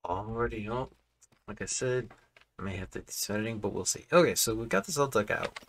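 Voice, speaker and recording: A man's voice: on the low side, lively intonation, brisk, vocal fry. A man chatting casually while building in a game, rambling and correcting himself as he goes. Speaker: Minecraft building creator. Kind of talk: casual gameplay commentary. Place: home room.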